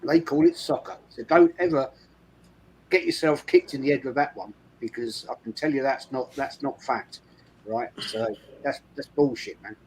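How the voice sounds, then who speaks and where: A man's voice: medium pitch, normal speed, darkish tone, breathy edge, rough recording. A man with a London accent hosting a fan channel, talking bluntly and emphatically in casual chat, swearing freely. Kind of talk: casual chat on a live stream.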